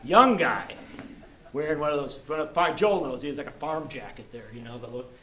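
A high, bright-voiced man tells a story to a crowd in a folksy, animated way, going hushed for suspense and climbing to rousing calls. He is heard from a distance in an echoey room with faint background noise. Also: brisk. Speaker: rally speaker.

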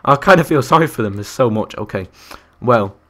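Young guy live streaming a game, chatty, counts blocks out loud, talks to chat. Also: medium pitch, lively intonation, brisk. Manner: chatty, counts aloud, reacts to chat and other players. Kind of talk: live gameplay commentary.

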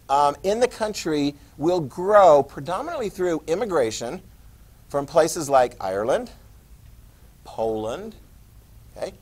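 A man teaching a history class, lecturing lively and quizzing his students as he goes. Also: a little high, low-quality recording. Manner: lively, quizzing students and repeating key words.

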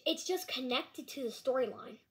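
High-voiced woman rambling an apology. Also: lively intonation. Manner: rambling, halting, with frequent restarts. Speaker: vlogger. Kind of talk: casual apology vlog to camera. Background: dog nearby.

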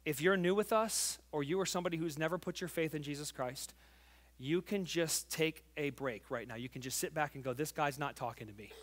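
A man in his forties preaching a sermon as pastor, fervent and emphatic, telling a family story and dropping to quiet intimacy. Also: on the high side, brisk. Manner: tells a family story, acting out the voices.

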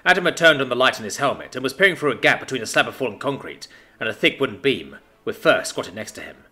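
A man's voice: medium pitch, lively intonation, fast, sharp tone, soft background music. A man narrating a sci-fi story in a dramatic, scripted storytelling style.

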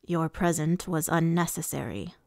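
A woman reading the lines of a guarded male High Lord, speaking low, cold and clipped. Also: expressive, moderate pace, a little mellow, no echo, clean studio sound.

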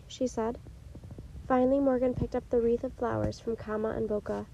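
Mellow woman reading a children's story. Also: fairly high pitch, steady tone, normal speed, vocal fry, muffled recording, a little hiss or hum. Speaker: storytime reader. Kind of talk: reading a children's chapter book aloud.

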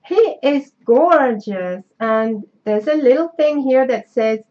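A woman's voice: high voice, expressive, slow, a little mellow, highs cut off. A woman with a French accent chatting in a vlog, effusive and sentimental as she opens gifts and gushes her thanks. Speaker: craft vlogger. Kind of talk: casual unboxing chat.

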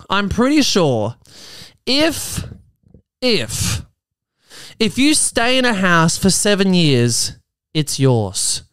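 A man's voice: sits high, smooth, dry recording. A man hosting a podcast, riffing jokily on articles he reads out and slipping into mock voices. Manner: jokey, animated, slips into mock voices. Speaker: podcast host. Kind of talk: casual commentary reading articles aloud. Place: apartment.

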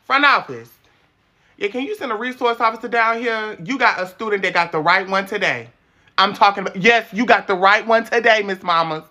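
A man's voice: fairly quick, bright, forceful tone. A man voicing a stern, no-nonsense woman teacher running in-school suspension, scolding students in a sassy tone. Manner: scolding, sassy, low-key.

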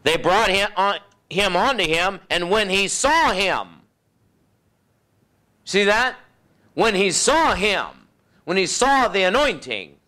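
A male preacher delivers a folksy, conversational sermon in a somewhat high voice. He acts out the voices of demons and doubters, sinking into a low, soft tone for effect. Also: sing-song, takes it slowly, long pauses.

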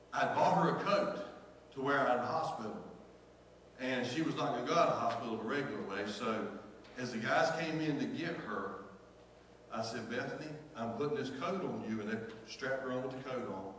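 A man's voice: medium pitch, fairly bright tone, a little hiss or hum. A middle-aged man preaching a sermon as pastor, emotional, repeating phrases and calling out to his congregation. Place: church sanctuary. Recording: echoey church hall from far off.

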